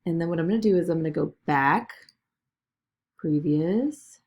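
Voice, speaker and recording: A woman with a deep, slightly gravelly voice talks casually through a screen-recorded tutorial. She narrates each click as she goes, peppering it with "okay" and "all right." It sounds like a desk mic at a computer. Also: moderate pace, a little mellow. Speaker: business video tutor.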